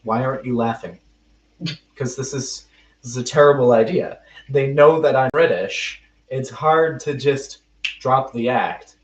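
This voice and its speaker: A man's voice: mid-range voice, a little slow. Rambling young man telling a story, roomy. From United States. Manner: rambling, self-mocking, restarts mid-sentence. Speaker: podcast host. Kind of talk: casual storytelling chat. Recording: roomy, distant and muffled mic.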